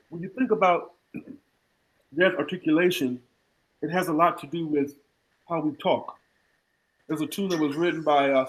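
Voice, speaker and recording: Male jazz clinician, fairly high voice, scats examples mid-lecture, playful, video-call audio. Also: poor audio. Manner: scat-sings rhythm examples between explanations; animated, humorous teaching. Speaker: jazz music educator. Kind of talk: online music clinic lecture.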